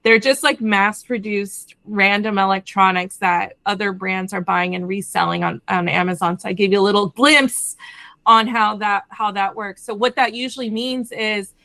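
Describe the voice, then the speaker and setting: A woman brand representative explaining a product in a lively conversational way, often checking in with the listener. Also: mid-range voice, normal speed, creaky, no room sound. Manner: animated, addresses listeners directly with frequent "okay?".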